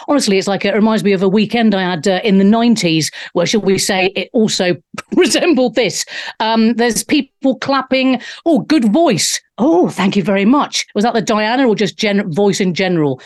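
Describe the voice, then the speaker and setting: A woman's voice: a little high, a little mellow. A middle-aged woman hosting a live show, cheekily reading out chat comments. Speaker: show host. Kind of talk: casual live-stream chat.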